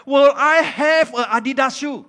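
A man voicing a crying newborn baby boy who asks anxious, demanding questions in a high, whiny voice. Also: measured pace, pushed and bright, full character voice.

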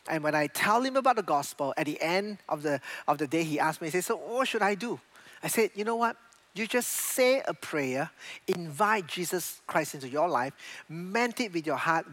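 A man preaching a sermon as a pastor, animated, speaking English with non-native grammar. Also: a little high.

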